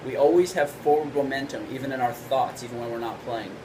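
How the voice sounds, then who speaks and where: A man walks through trumpet basics in a calm, conversational teaching voice, often pausing to ask "right?". His pitch sits in a middle range. A clear hum of air conditioning runs under the whole recording. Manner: relaxed explaining, frequent "right?" checks. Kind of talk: instructional video lesson.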